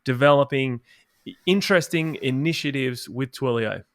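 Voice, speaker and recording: A man's voice: mid-range voice, dry recording. Man, podcast host, joking, rambling, dry close sound. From Australia. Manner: joking, rambling, quick to interrupt. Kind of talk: casual interview chat.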